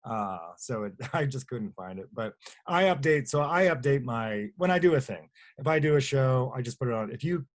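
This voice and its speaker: A man's voice: mid-range voice, expressive, normal speed. A man speaks in a plainspoken, rambling way over a video call, often stopping to correct himself. He is a guest artist answering questions on a webinar. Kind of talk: webinar talk.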